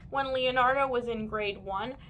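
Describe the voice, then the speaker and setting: A woman reading children's picture books aloud with an expressive, lively delivery. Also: on the high side, moderate pace, a little hiss or hum. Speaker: children's book reader.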